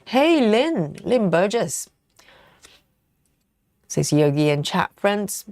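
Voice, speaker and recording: Speaking slowly in a sing-song, medium-pitched voice with a darkish tone, this woman runs a casual cross-stitch livestream. She's chatty and giggly, munching chocolate while reading out comments from viewers, and the studio-quality audio has no echo.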